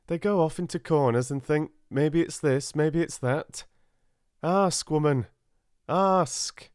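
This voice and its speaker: A man's voice: a little high, takes it slowly, a little mellow, clean tone, dry recording, studio quality, voice pushed up. A man voicing an easygoing, footloose middle-aged father who speaks mildly and wryly in an audiobook. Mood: exasperated. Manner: mild, wry. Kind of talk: audiobook character voice.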